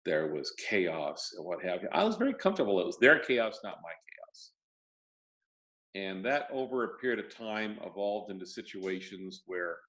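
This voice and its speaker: An older man, a guest in a casual interview, telling stories with dry jokes and halting restarts. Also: low-pitched, a bit bright. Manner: wry, joking storyteller, halting restarts. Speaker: guest, property lender.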